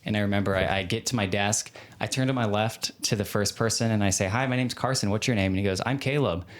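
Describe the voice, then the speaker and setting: Low-voiced young man, easygoing co-host. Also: quick pace. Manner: easygoing, reads comments aloud, short agreeing replies. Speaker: podcast co-host. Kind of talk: casual chat.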